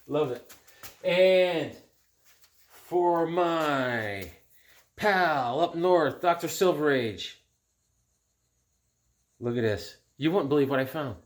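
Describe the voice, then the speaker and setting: Brief: middle-aged man, excitable and jokey, slightly higher-pitched voice, casual show-and-tell vlog at home. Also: slow pace, long pauses. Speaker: comic collector vlogger.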